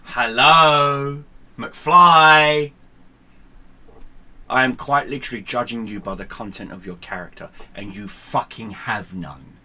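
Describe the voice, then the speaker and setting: A man's voice: lowish voice, moderate pace, few pauses, sharp tone, slightly rough. A man, a gaming streamer, ranting to camera in a sarcastic, combative way with heavy swearing. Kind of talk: profane angry rant to camera.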